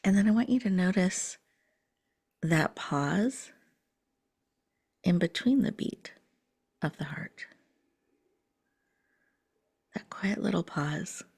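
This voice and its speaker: Woman, low voice, soothing guided meditation, slow and calm, drifts into whispers. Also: creaky, husky. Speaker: host.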